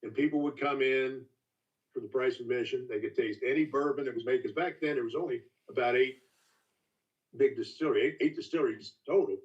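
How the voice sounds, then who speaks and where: An older man telling stories as a master distiller guest in a casual, folksy, halting way. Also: medium pitch. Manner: folksy, halting, with many restarts. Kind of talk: casual storytelling. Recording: distant, dull lo-fi call audio.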